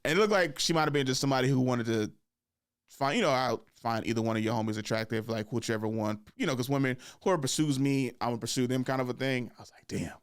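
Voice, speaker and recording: A man's voice: mid-range voice, fast talker, smooth, dry recording, clean studio sound. Laughing, casual male podcast host. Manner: laughs often, fills with "like" and "right?". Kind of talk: casual storytelling.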